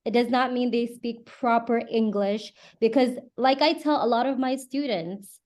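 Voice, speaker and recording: Measured woman English teacher. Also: fairly high pitch, a little mellow. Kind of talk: online debate.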